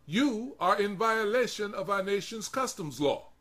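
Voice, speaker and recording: Stern, greedy customs officers bark out demands in a sharply raised, forceful voice, performed by a man. Their words come clipped and hissing, with a cold official edge. Marimba music plays softly behind. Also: sits high, lively intonation, measured pace, voice pushed up, full character voice. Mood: demanding.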